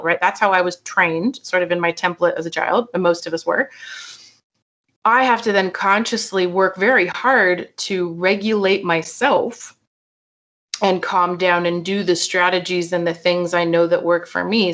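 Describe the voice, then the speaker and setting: A middle-aged woman psychotherapist talking casually as a podcast guest, animated and chatty, acting out quoted voices and often saying "like" and "right?". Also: lowish voice. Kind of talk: casual interview chat.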